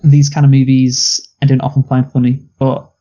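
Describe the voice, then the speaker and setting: Male co-host for a casual film chat, mellow voice, muffled low-fi recording, blunt opinions. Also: completely flat delivery, moderate pace. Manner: blunt, laughs at own picks, quotes lines. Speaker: movie review podcast co-host.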